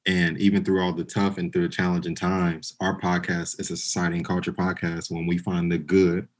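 A man with a very low, deep voice who hosts a podcast and keeps the talk casual. He speaks earnestly and emphatically, with a playful edge. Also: little pitch movement, a little fast. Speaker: podcast host. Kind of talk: casual chat.

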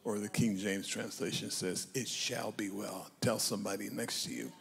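A man's voice: lowish voice, normal speed, creaky. A man in his eighties preaching a sermon, retelling a scripture story and calling on the congregation to respond. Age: 80s. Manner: lively storytelling, acting out quotes and calling on the congregation. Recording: long reverb of a large hall.

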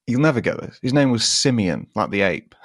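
A man with an animated, up-and-down voice tells a funny story in relaxed podcast chat. He laughs often and acts out the people in it. The sound is close and dry. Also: medium pitch, normal speed, husky, dry recording. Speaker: podcast co-host.

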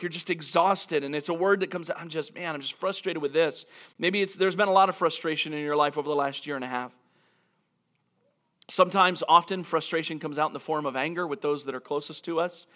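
A man preaching a sermon as a pastor, earnest and reflective, slowing down to stress key phrases. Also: fairly high pitch, steady tone, pushed and bright. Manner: earnest, reflective, with frequent restarts and dramatic slowdowns.

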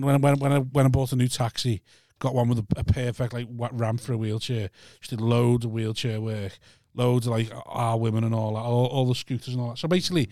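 Man, Scouse accent, taxi driver guest, rambling, repeats himself, mid pitch, dry close sound. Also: a little mellow, no echo. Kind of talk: casual podcast chat.

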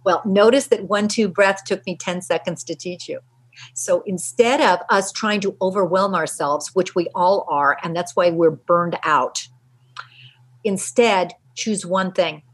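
A middle-aged woman, a parenting author, giving energetic interview answers and acting out little quotes in lively voices. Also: lowish voice, measured pace, breathy edge.

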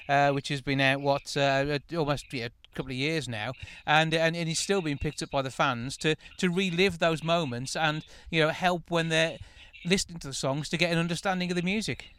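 A male radio host with a fairly high, smooth and resonant voice, recorded dry and close. He leads the chat with friendly, encouraging prompts. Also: fairly even intonation, brisk, a bit bright, no echo. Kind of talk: casual interview chat.

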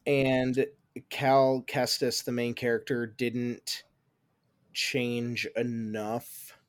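A man's voice: mid-range voice, flat delivery, extremely slow, clean tone, no echo. A man, a guest on a gaming podcast, giving blunt, profane opinions. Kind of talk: casual chat.

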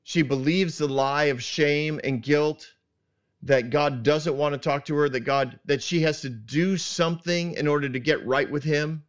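A man hosting a casual Bible discussion podcast, earnest and halting, with many restarts and soft chuckles. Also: on the high side, lo-fi sound. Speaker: podcast host.

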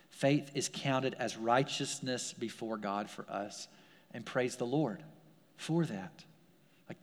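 A man's voice: medium pitch, big-room sound. A man, a pastor, preaching a sermon in a casual, conversational way, full of fillers and repeated phrases. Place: church sanctuary.

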